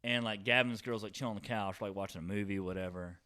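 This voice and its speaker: A man's voice: on the low side, fairly even intonation, fast talker, sharp tone. A man, casually telling a long story on a podcast and filling his talk with "you know" and "whatever.". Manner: rambling, heavy fillers like "you know" and "whatever".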